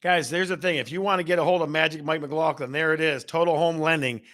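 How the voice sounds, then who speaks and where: Upbeat male stream host from Michigan; bright, punchy, loves a bit. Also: a little high, fairly even intonation, fast. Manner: hyped, jokey, rallying the chat. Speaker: show host. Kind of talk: upbeat live-stream chat.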